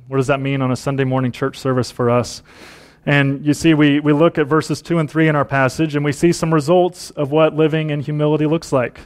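A man preaching a Sunday sermon in a church service, reading scripture aloud and then reflecting on it in plain words. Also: mid-range voice.

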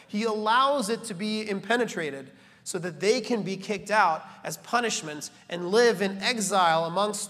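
A man preaching a sermon as a pastor, animated, building to emphatic peaks and slipping in joking asides. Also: sits high. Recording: reverberant church hall.

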